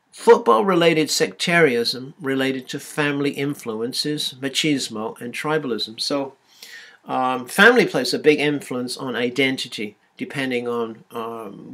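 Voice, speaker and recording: A man's voice: medium pitch, a bit bright. A man giving a university lecture, hesitant and full of ums and restarts.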